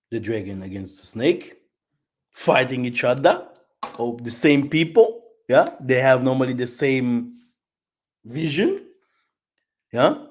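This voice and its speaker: A man speaking as a delivers heated political commentary to his channel audience. His voice sits at an ordinary middle pitch, and he swings between loud bursts and quiet asides. He often repeats words and checks in with a "yeah?". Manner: repeats words, frequent tag questions "yeah?". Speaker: channel host.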